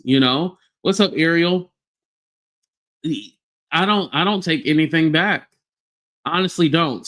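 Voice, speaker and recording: A young man hosts a live-streamed podcast and rants bluntly, swearing freely and stopping to greet viewers by name. His voice sits a little high for a man. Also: fairly bright tone. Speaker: podcast host.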